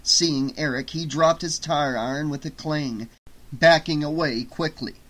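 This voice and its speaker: A man narrating an audiobook in a steady storytelling read. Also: on the high side, unhurried. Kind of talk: scripted narration.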